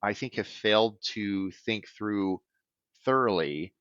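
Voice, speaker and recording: A man's voice: fairly low pitch, takes it slowly, fairly bright tone, dry recording, muffled recording. A man who works as a business transition advisor, answering podcast interview questions in an earnest way and often checking in with "right?".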